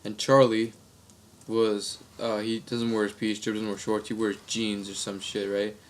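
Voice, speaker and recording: A man's voice: fairly low pitch, monotone, normal speed, a little hiss or hum. A young man vlogging, telling funny stories in a casual, rambling way full of crude slang. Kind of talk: casual comic storytelling.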